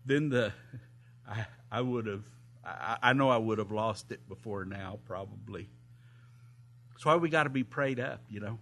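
A man's voice: fairly low pitch, measured pace, creaky, pauses often, fairly bright tone. A man preaching to a congregation, retelling a camp story in a sermon with frequent hesitations and chuckles. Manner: hesitant, many uh fillers, chuckles. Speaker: pastor reading a volunteer's story.

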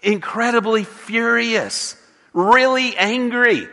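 A man preaching in a church sanctuary with a high, bright, forceful voice. He pushes his points hard, stumbles and restarts, and voices the people in the story. The sound carries a long hall reverb. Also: slow pace. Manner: emphatic preaching with repeated restarts and acted quotes. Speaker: pastor. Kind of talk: sermon.

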